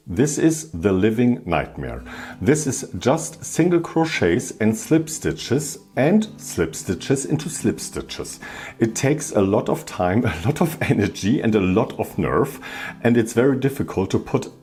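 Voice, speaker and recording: A man with a German accent hosting a crochet tutorial, telling his story with animated exasperation. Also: mid-range voice, unhurried, soft background music. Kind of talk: casual tutorial talk.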